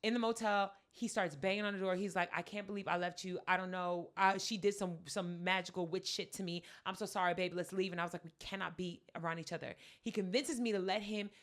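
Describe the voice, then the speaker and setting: A woman co-hosting a podcast, telling a story in casual chat, acting out quotes loudly and laughing often. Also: fairly low pitch, fairly even intonation, fast talker, few pauses. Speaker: podcast co-host.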